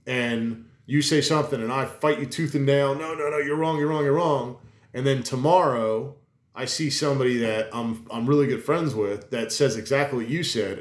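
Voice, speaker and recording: A man chatting casually on a podcast, rambling and emphatic, swearing, with many restarts. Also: medium pitch. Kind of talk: casual chat. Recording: roomy echo.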